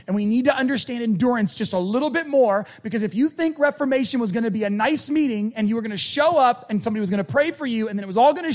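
High-voiced animated male preacher. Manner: conversational, animated, acts out quotes. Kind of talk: sermon.

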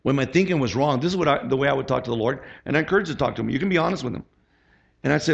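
A man's voice: mid-range voice, animated, racing, gravelly. A middle-aged man preaching a conversational sermon as pastor, chatty and asking the congregation for amens. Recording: dull lo-fi sound.

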